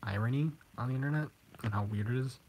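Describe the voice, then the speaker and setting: A man's voice: medium pitch, quick pace, a little mellow, slight background noise, poor audio. A teenage boy streaming live, chatting casually with viewers and rambling with frequent giggles. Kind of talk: casual live-stream chat reading comments.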